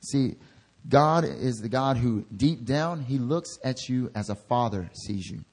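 A young man preaching a sermon as an intern pastor. He drops into soft, low asides, then rises into loud exhortations. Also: animated, unhurried, breathy edge.

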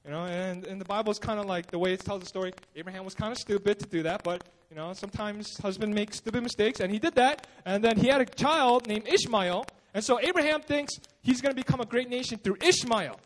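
Preaching at a church service, this male pastor has a high voice and a brisk delivery with few pauses. His sermon is relaxed and conversational, an informal story full of fillers and acted-out quotes.

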